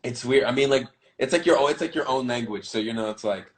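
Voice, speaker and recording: A Southern American actor, appearing as a guest on a live stream, chats in a laid-back, playful way, saying "like" a lot. His mid-range voice comes fast, and the audio quality is poor.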